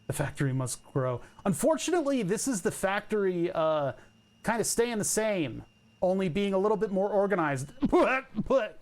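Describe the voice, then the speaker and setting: A man streaming a building game, chatting casually to his viewers in a rambling, self-mocking way. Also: on the high side. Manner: rambling, self-mocking, jokey asides to chat. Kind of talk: casual gameplay commentary.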